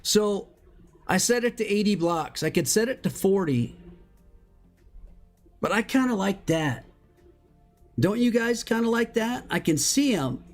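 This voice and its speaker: A game streamer talking live over gameplay, drawling along at an unhurried pace with slangy, excitable chatter. Sudden high shouts and exclamations break through the talk. Faint music plays quietly behind the voice. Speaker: Minecraft streamer.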